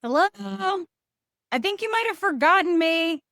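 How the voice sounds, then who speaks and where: A woman's voice: very high-pitched, lively intonation, measured pace, creaky, a bit bright, no room sound, clean studio sound, full character voice. A woman reading a washed-up actress who keeps slipping into a Welsh accent, brash and swearing, in a screenplay table read. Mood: pleading.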